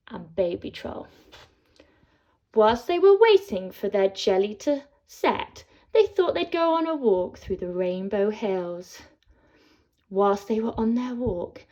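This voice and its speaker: A woman teacher, telling a children's story in an expressive, sing-song way. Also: medium pitch. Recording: dull lo-fi sound.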